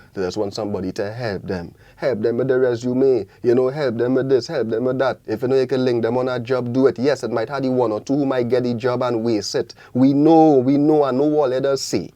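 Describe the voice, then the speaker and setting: A man's voice: mid-range voice, dark tone. A young man with a strong Trinidadian accent speaks in a radio studio. He drives his points home with passionate, repeated rallying lines, and the dry room adds no echo. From Trinidad and Tobago. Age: young adult. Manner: passionate, preachy, repetitive rallying calls. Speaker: guest artist. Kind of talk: radio interview.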